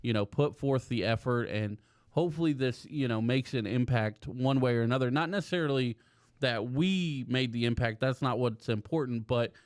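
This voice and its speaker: Reflective Midwestern man, smooth voice. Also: mid-range voice, normal speed, dry recording, clean studio sound. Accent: Midwestern American. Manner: agreeable, reflective, backs up his co-host. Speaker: podcast co-host. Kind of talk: casual chat.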